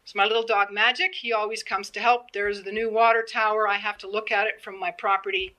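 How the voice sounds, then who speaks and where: Woman in her fifties, public talk, earnest, bright voice, acts out quotes. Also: medium pitch, low-quality recording. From Canada. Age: 50s. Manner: earnest, plain-spoken, acts out quoted exchanges. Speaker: presenter. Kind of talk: public presentation.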